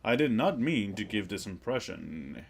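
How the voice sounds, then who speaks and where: A man voicing a male doctor in a game who explains grim events in a measured, formal way, close to his own voice. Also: lowish voice, sing-song, gravelly, husky, voice pushed down, heavily acted. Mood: grave. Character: older male doctor bringing grim news.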